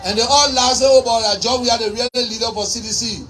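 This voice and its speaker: A woman with a Liberian English accent giving a fiery campaign speech, shouting and firing off repeated rhetorical questions. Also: fairly high pitch, steady tone, quick pace, few pauses. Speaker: politician. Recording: distant mic with faint crowd and noise.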